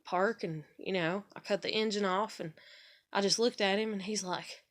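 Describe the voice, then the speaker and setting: A woman's voice: mid-range voice, steady tone, moderate pace, a bit bright. A woman, rambling through a personal story in a candid vlog and swearing casually. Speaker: vlogger.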